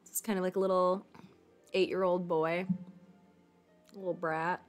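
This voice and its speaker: A woman's voice: lowish voice, little pitch movement, normal speed, long pauses, faint music behind. A woman streamer chatting casually with viewers, rambling with lots of "like" and casual swearing. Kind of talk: casual chat.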